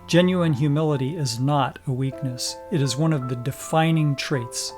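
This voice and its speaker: A man narrating a scripted lesson in a measured, solemn manner. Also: medium pitch, a little mellow, faint music behind. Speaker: instructor.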